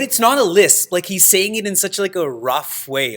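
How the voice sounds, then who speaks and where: A man teaching a scripture class, telling stories in a lively way, laughing often and using Sanskrit terms. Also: high-pitched, moderate pace, few pauses. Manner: lively storytelling with frequent laughs. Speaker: spiritual teacher.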